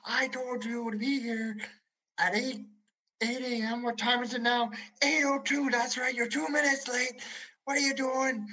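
A man putting on the voice of an angry male military officer who scolds in a shrill, clipped way. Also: slow, sharp tone, full character voice, poor audio. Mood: scolding.

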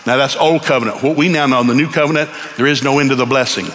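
A man preaching a sermon in a church, telling stories in an animated way and building up to shouts. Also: mid-range voice, racing. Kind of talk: sermon with storytelling.

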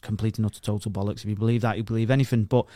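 A man's voice: lowish voice, little pitch movement, very fast, dark tone, dry recording, studio quality. A man co-hosting a podcast, blunt and teasing, swearing often. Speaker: podcast co-host. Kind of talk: casual banter.

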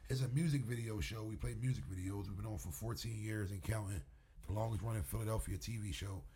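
A man who works as a wrestling promoter, chatting as a guest in a casual interview, an animated storyteller who swears freely. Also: fairly low pitch, fast talker, slight background noise.

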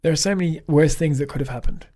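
A man's voice: a little high, fast talker, warm tone. Australian man, upbeat guest, laughs easily and acts out the dialogue in his stories. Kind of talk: casual interview chat.

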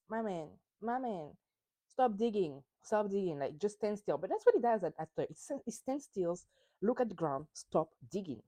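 A woman's voice: medium pitch, dark tone, no echo. A woman hosting a podcast, recapping reality TV in a casual, emphatic way and swearing freely. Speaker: podcast host.

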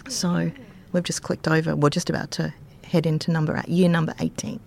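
A woman with an Australian accent, telling personal stories as an interview guest, in a rambling way with many pauses and fillers. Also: low voice, flat delivery, vocal fry, slight background noise. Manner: rambling, warm-hearted anecdotes with many ums. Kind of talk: casual interview storytelling.

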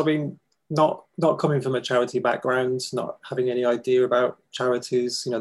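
A man gives earnest, halting testimony in an interview. His voice is gravelly and husky, with very little rise and fall in pitch. He pauses often as he searches for words. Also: a little mellow, rough recording. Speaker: guest, foundation founder.

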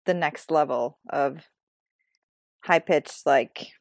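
A middle-aged woman hosts a casual conversation, laughing easily and drawing out her guest with questions. Her voice sits a little low for a woman and the recording is dry and close, with no room sound. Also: slow pace, darkish tone, dry recording. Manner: giggly, friendly, asks questions. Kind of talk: casual chat.

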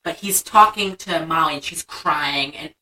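Bright-voiced young woman recapping a film. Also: deep voice, measured pace, far from the mic, rough recording. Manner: animated retelling, acts out lines. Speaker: podcast co-host. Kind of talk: casual movie chat.

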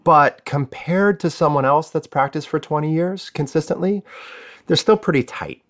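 A man in his forties, a yoga teacher, explaining things in a relaxed, self-deprecating way on a podcast. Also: fairly high pitch, normal speed. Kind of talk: casual podcast conversation.

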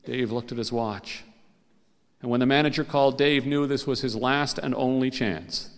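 A man's voice: medium pitch, normal speed. Man telling a comic story live in a hall. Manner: animated, playful, acts out the characters. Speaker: storyteller and radio host. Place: concert stage. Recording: live concert recording with hall reverb.

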